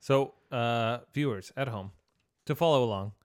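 A man's voice: mid-range voice, unhurried, clean tone. A man co-hosting a casual movie podcast, wry and explanatory. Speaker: podcast co-host. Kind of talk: casual chat.

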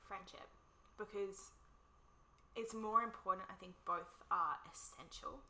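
Woman podcast guest, very bright and sharp tone, upbeat and chatty, echoey room. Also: medium pitch, a little slow. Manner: upbeat, chatty, laughs easily. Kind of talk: casual interview chat. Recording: echoey room with faint ambience.

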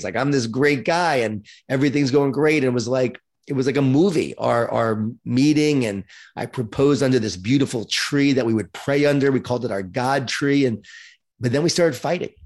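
At normal speed and medium pitch, a middle-aged guest author from Long Island tells the story of his life in an interview. He's lively and self-deprecating throughout.

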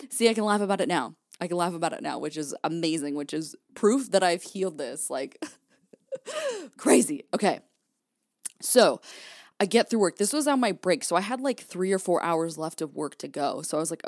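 A woman's voice: on the low side, lively intonation, moderate pace, a little mellow, no echo, clean studio sound. A young woman hosting her own podcast, telling a personal story candidly, swearing freely and acting out her past thoughts. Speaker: podcast host.

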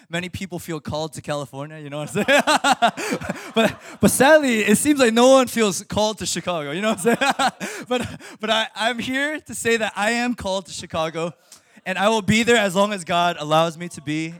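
A young man, a high school pastor, preaching and telling a personal story with lots of laughter and restarts. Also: fairly bright tone, no room sound. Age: young adult. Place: Chicago suburbs.

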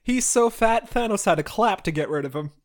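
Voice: medium pitch, lively intonation, a little fast. A podcast host recapping a classic novel chapter by chapter, with sarcastic asides and roast-style jokes. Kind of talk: comedic book recap.

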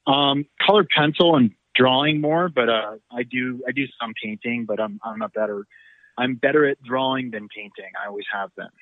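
A middle-aged actor chatting in an interview, rambling through stories with a self-deprecating streak. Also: male voice, medium pitch, normal speed, no room sound. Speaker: actor guest. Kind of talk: casual interview chat. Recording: tinny phone-like line.

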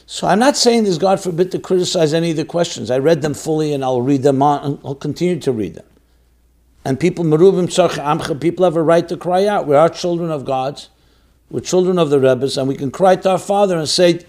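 A man's voice: a little high, brisk, darkish tone. A man, a rabbi hosting a question-and-answer show, answering a listener's question with earnest, emphatic religious guidance and sprinkling in Hebrew and Yiddish terms. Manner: earnest and emphatic, repeating key phrases.

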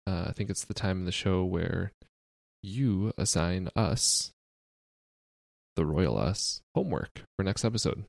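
Deep gravelly deadpan podcast host. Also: male voice, dry recording. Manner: deadpan, dry sarcasm, halting with fillers. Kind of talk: casual chat.

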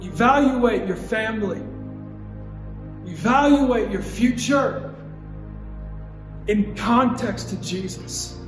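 Young male youth pastor, high voice, rhythmic repeating preaching style, big reverberant hall. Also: animated, takes it slowly, pauses often. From Idaho. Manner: preaching with repeated cadences, storytelling asides. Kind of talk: sermon. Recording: echoey hall with long reverb, soft music.

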